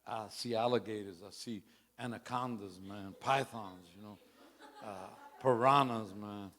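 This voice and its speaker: A man's voice: on the low side, steady tone, a little slow, a bit bright. A man preaching a sermon through a long personal story, in a casual street-style way, often tacking on "man" and chuckling between lines.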